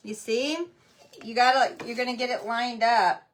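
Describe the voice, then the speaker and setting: Chatty high-voiced woman over a whirring heat gun. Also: little pitch movement, normal speed. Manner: chatty, greets viewers by name while working; says she is talking very loudly. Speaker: craft livestream host. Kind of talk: live craft demo chat. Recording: noisy room with heat gun running.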